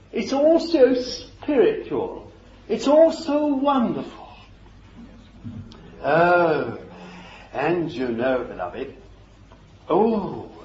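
A man's voice: sits high, a little mellow, a little hiss or hum. A man preaching a sermon in a fervent, emphatic way, repeating his phrases for stress. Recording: echoey, dull lo-fi recording.

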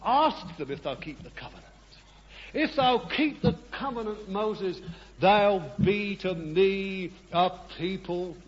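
A man preaching, voicing God speaking gently and patiently to Moses, coaxing and repeating himself. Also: high-pitched, voice pushed up. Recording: dull lo-fi echoey hall.

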